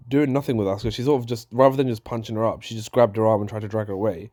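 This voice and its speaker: A man giving a casual, exasperated rant reviewing a wrestling show, animated, with frequent restarts. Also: medium pitch, fast talker.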